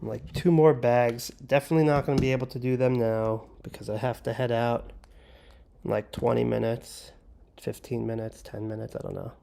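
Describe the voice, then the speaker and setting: Guy rambling on his stream while building bricks, kinda gravelly, jokey. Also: mid-range voice, level tone, moderate pace, warm tone. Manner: rambling, joking, talks while handling pieces. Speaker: livestream host. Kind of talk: casual livestream chat while building.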